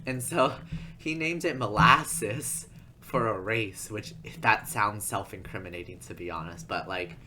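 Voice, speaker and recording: A man's voice: fairly low pitch, unhurried, bright, forceful tone, a little hiss or hum. A man narrating a casual video essay in a rambling, chatty way, full of asides.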